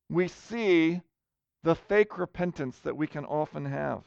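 A man preaches a sermon with an earnest, searching delivery, his questions rising with emphasis. His voice sits high and sounds smooth and resonant. The recording is dry and a little muffled. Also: measured pace, darkish tone, no room sound. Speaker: pastor.

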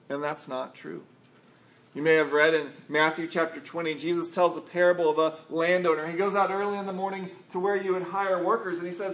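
A man's voice: sits high, a bit bright. A man preaching a sermon earnestly, acting out quotes from scripture. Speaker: pastor.

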